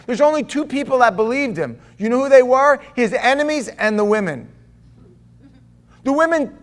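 A middle-aged man preaching a sermon, reading scripture aloud and breaking off into animated, conversational asides and jokes. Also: very high voice, normal speed. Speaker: pastor.

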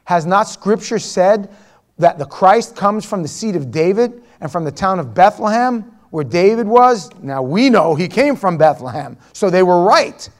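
Male pastor, high-pitched, animated expository preaching, drops to hushed asides then rises to heated mimicry. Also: a little slow. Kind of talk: expository sermon.

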